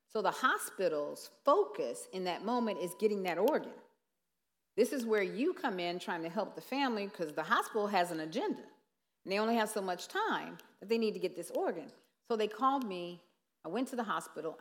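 A woman minister giving earnest, conversational sermon-style teaching with rhetorical asides, in a large hall or church. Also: medium pitch. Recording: long reverb of a large hall.

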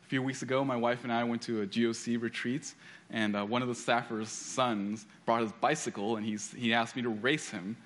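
Delivering a sermon, a male pastor speaks at medium pitch with fairly level intonation, a fairly fast pace and a slightly bright quality. He reads from scripture and narrates stories, often starting over.

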